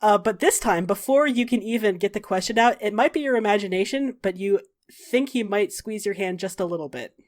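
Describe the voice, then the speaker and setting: A woman's voice: medium pitch, brisk, hardly any pauses, a little mellow. A woman running a tabletop game as game master, narrating with wry, dry asides and casual swearing.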